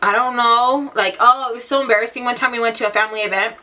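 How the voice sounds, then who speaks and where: A woman's voice: on the high side, fairly even intonation, fast, bright, forceful tone, far from the mic. A young woman telling her own story in a casual vlog, talking bluntly with lots of fillers and swearing. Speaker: vlogger.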